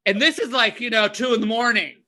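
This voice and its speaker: A woman guest on a podcast, chatting casually and telling animated stories that she acts out in loud bursts. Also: on the high side, fast talker. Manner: animated storyteller, voices her past panic in loud bursts. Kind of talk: casual chat, storytelling.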